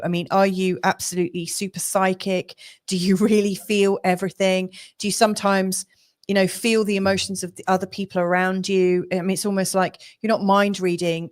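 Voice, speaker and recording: Woman doing a live astrology stream, kinda low voice, chatty and rambly, lots of ums, sympathetic. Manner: chatty and rambling, with many fillers; sympathetic and encouraging. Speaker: astrologer hosting a live reading show.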